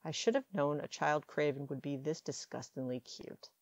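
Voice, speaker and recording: A woman's voice: deep voice, moderate pace, no echo, highs cut off. A woman voicing a protective young adult witch who teases with dry humor. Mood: wry. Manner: dry, wry teasing.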